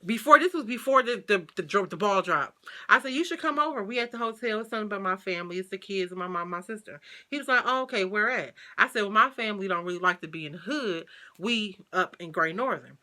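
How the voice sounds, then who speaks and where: A woman, telling a casual storytime. She is chatty and animated, uses lots of slang and fillers, and keeps talking to her viewers. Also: mid-range voice, fast. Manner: slangy, swears freely. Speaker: vlogger.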